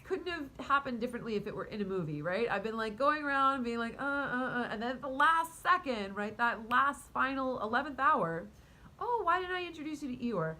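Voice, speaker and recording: A woman casually telling a story to her viewers in a rambling, animated way, full of fillers, restarts and quick laughs. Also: a little high, rough recording. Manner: talks to her cat mid-story. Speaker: vlogger and spiritual coach.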